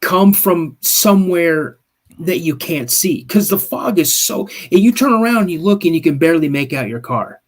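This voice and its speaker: Co-hosting a live podcast, a man recounts an encounter in the second person, building scenes animatedly in a higher-leaning voice at normal speed. He restarts often and keeps checking in with a repeated "okay?" during this live-stream storytelling chat.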